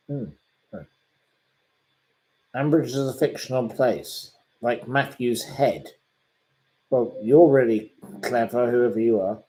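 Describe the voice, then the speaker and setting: Slow, rambling man. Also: medium pitch, dark tone. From England, Derbyshire. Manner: slow, rambling, answers questions with ums and dry put-downs. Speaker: livestream host reading viewer comments. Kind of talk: casual livestream chat.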